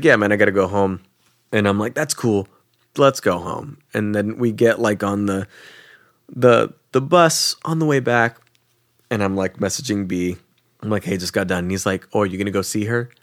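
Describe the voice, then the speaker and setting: Animated young man telling a story, dry mic. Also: moderate pace, no echo. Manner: animated, acts out quoted people with jumps in pitch; swears casually, fillers like "like". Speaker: podcast co-host. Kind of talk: casual storytelling chat.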